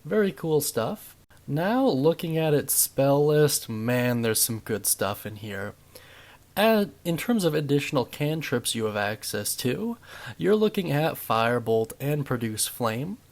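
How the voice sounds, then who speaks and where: A man's voice: mid-range voice, measured pace. A young man hosting a tabletop game video, explaining options in an upbeat, chatty way. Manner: upbeat, chatty, lively intonation. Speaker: D&D video host.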